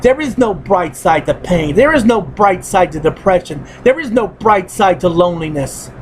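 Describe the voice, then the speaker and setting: A man's voice: sits high, slight background noise, rough recording. A man giving an earnest personal monologue, repeating his points in a heavy-hearted way. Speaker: vlogger.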